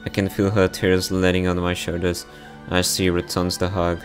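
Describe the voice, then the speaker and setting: A man reading a visual novel story aloud, narrating and voicing every part in a soft, heartfelt way. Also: sits low, monotone, moderate pace, soft background music.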